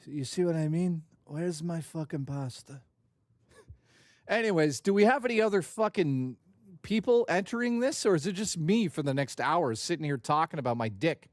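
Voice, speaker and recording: A man hosting a casual gaming stream, joking with chat in an animated, profane way. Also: on the high side, fairly quick, no echo.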